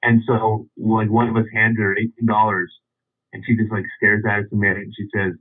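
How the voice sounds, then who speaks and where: Husky man rambling over a phone line. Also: fairly low pitch, completely flat delivery, brisk. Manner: rambling, with many restarts and chuckles. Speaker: storyteller. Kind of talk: casual anecdote.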